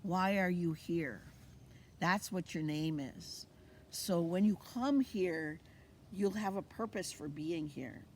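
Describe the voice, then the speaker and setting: A woman's voice: lowish voice, slow pace, darkish tone, slight background noise. A woman giving an informal teaching talk, storytelling with animation and acting out the voices she quotes. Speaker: Indigenous cultural teacher. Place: outdoors on a fall plant walk.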